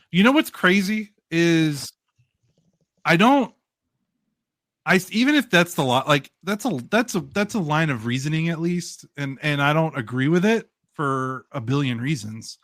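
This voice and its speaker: A man's voice: on the high side, expressive, a little slow, pauses often, a bit bright, no room sound. A man hosting a casual podcast, talking in a rambling, hedging way with lots of fillers. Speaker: podcast host. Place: live-streamed remote show.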